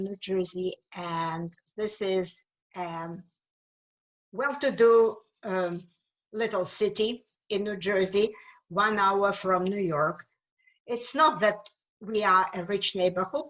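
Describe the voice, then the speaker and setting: Woman, East European accent, unhurried delivery, muffled online-call sound. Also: mid-range voice, fairly bright tone. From Ukraine. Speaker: author and guest speaker. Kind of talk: webinar talk.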